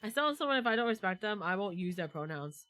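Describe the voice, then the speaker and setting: A woman's voice: medium pitch, very animated, quick pace, fairly bright tone, no room sound. A woman hosting a casual stream chat, rambling and repeating herself as she talks. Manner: rambling, repeats words, lots of fillers. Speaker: streamer and host.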